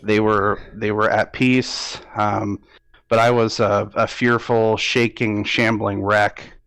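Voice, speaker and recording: Hesitant emotional man, low voice. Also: flat delivery, a bit bright, clean tone, no room sound. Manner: halting, hesitant, many restarts and fillers. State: near tears, emotional. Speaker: guest recounting a dream. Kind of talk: emotional interview recollection.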